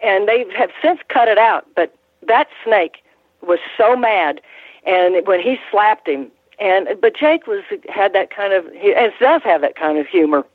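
A woman's voice: medium pitch, animated, breathy edge, dry recording. An older woman recounts her years around the ring, stopping and restarting her sentences as she goes. Her voice comes through a narrow, tinny phone line. The sound is dry, with no room around it. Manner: halting, many restarts and fillers. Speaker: former ring announcer, guest. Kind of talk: casual interview storytelling.

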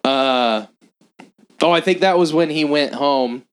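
A man hosting a podcast, casually and profanely recapping a film's plot in an animated way. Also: on the high side, slow, slight background noise. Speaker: podcast host. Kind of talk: casual film-review chat.

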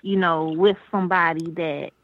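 A woman's voice: lowish voice, steady tone, moderate pace, dry recording. A woman co-hosting a casual podcast chat, outspoken and playful, calling in on a speakerphone. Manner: bold, outspoken and playful, with restarts. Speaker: co-host. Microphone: phone on speaker. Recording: dull speakerphone line.

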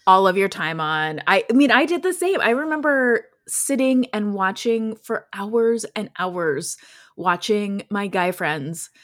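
A woman's voice: mid-range voice, a little slow. A woman co-hosting a podcast in casual chat, agreeing readily and telling anecdotes with acted-out reactions. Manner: animated storyteller, agreeable, acts out reactions in quotes. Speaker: podcast co-host.

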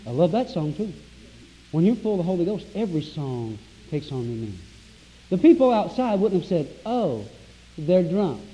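Fiery preacher in an echoing church. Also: male voice, high-pitched, big pitch swings, moderate pace. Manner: emphatic, rising to loud exclamations. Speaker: pastor. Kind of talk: sermon. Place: church sanctuary. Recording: dull lo-fi recording with long hall reverb.

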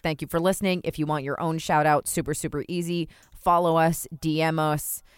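A woman in her thirties co-hosting a podcast, telling stories in animated casual chat full of "like" and quick laughs. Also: low-pitched, smooth, dry recording. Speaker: podcast co-host.

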